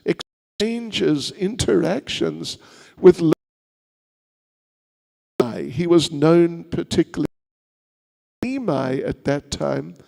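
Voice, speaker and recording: A monk giving a seminar tells a story to his congregation as a sermon, with a playful manner and chatty asides. His voice sits high and is mellow yet gravelly, and a long hall reverb surrounds it.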